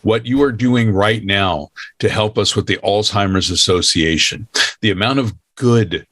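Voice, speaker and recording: A man's voice: fairly low pitch, measured pace, a bit bright, no echo. A man chatting as a guest on a podcast, speaking earnestly and from the heart. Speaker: guest voice actor. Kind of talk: casual podcast chat.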